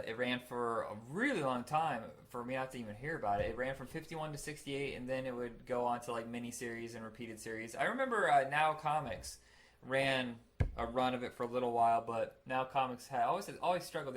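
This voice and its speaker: A man's voice: mid-range voice, a bit bright. A man co-hosting a casual podcast, thinking aloud and correcting himself as he talks about old cartoons. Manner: quick-talking, musing aloud with self-corrections. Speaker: podcast co-host. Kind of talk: casual chat.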